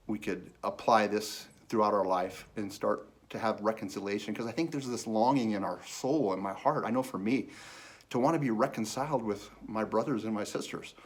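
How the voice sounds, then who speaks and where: A man in his fifties, telling an earnest personal faith story with lively quoted dialogue. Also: lowish voice. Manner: earnest, animated when quoting others. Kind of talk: personal testimony.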